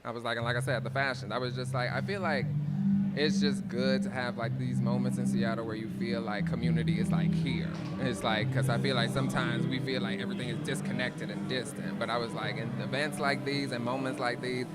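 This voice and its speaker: A man just off stage talks casually, tired and short of breath. His mid-pitched voice sits over very loud music at an outdoor event. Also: fairly even intonation, a little fast. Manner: casual, keeps saying "I was like". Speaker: performer, interview guest.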